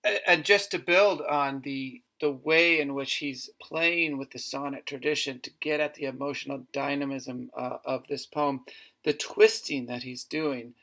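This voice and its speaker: A man discussing a poem in a measured, analytical way in a literature lesson. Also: mid-range voice, fairly even intonation, gravelly, bright, forceful tone. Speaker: literature teacher.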